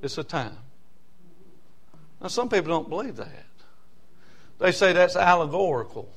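Fiery Southern preacher, man, rising shouts. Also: high-pitched, big pitch swings, unhurried, husky. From South Carolina. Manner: rhythmic preaching with call-and-response amens, swings from loud shouts to quiet asides. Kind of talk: fiery sermon.

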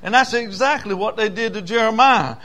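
A man preaching a sermon in a dramatic, folksy way, swinging between loud outbursts and low murmurs. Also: fairly quick. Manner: folksy, with many fillers and restarts.

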